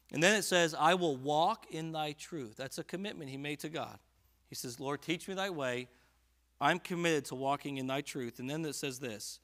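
A male pastor preaching a midweek sermon in a church, his voice bright and of middle pitch. He reads verses slowly and then pushes up into loud, fervent emphasis. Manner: swells to loud, fervent emphasis on scripture lines. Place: church sanctuary.

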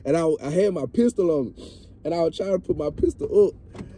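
Young man, high voice, animated, profane, laughing storyteller. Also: fairly quick, slight background noise. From Mississippi, US. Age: young adult. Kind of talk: casual storytime among friends.

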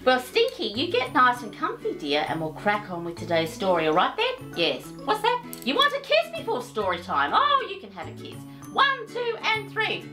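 A woman's voice: on the high side, huge pitch swings, normal speed, hardly any pauses, bright, forceful tone, faint music behind. A woman storyteller reading a picture book aloud, doting and chatty, fussing over her pet between pages. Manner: doting, sing-song and chatty.

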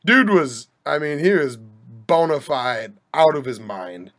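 A young man with a slightly higher voice than most tells a long story on his podcast. He rambles and restarts, throws in asides, and keeps a wry, joking edge throughout. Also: very animated, slow, a bit bright. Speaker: podcast host. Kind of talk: casual storytelling monologue.

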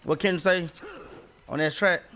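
Male streamer, high and bright, brash profane trash talk. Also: steady tone, unhurried, soft background music. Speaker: streamer playing a fighting game. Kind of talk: trash-talking live gameplay commentary.

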